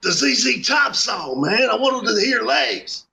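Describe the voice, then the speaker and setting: Gravelly older man cracking jokes. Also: very high-pitched, lively intonation, a little slow, sharp tone. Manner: gravelly, cuts in with wisecracks. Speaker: guest. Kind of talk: casual chat.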